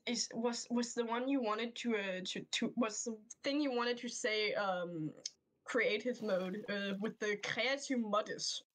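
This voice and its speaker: Female co-streamer, Danish native, halting casual chat, slightly high voice. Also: fairly bright tone. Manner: halting, many restarts and fillers. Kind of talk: casual chat while gaming.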